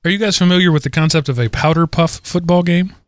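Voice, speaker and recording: A man co-hosting a casual podcast, telling a story in a deadpan way. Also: fairly high pitch, fast talker, clear, resonant tone, no room sound, studio quality. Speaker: podcast co-host.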